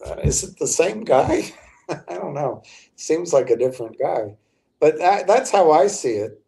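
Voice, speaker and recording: An older man talks slowly through his livestream, his voice mellow and unforced. He rambles, stops mid-phrase, restarts, and speaks straight to his viewers as he comments on stocks. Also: fairly high pitch, big pitch swings, creaky.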